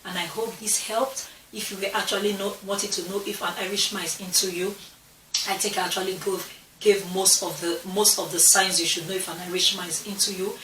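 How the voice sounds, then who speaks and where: A woman's voice: medium pitch, fairly even intonation, a little fast, fairly bright tone, recorded from a distance, slight background noise. A young adult woman chatting casually to camera for her channel, repeating herself and restarting phrases as she goes. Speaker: vlogger talking to her channel. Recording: roomy echo, a bit off-mic.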